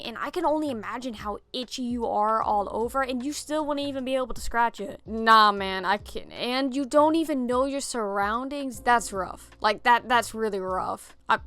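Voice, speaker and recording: A woman reading a horror story aloud, breaking in with animated, sarcastic commentary. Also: fairly high pitch. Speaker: storytelling reviewer.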